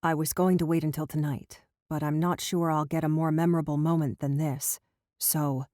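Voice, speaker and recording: A woman's voice: sits low, little pitch movement, moderate pace, mellow, no echo, studio quality, lightly acted. A woman voicing a playful young man who teases his girlfriend, read in an audiobook. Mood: tender. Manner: playful, amused. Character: teasing young man, grinning boyfriend.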